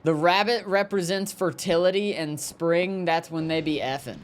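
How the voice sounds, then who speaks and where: A man talks loosely over his gameplay, riffing on whatever comes to mind. His delivery is jokey and wandering, full of little fillers and restarts. Quiet game music sits underneath. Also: a little high, steady tone, normal speed. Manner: rambling, jokey, lots of fillers. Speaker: gaming streamer. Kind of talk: casual gameplay commentary, reading chat.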